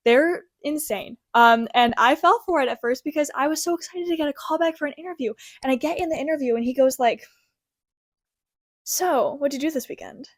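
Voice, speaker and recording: A young woman, a crochet designer, chatting casually to camera from her childhood bedroom as an animated storyteller with lots of fillers. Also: high-pitched, quick pace, few pauses, no room sound. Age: young adult.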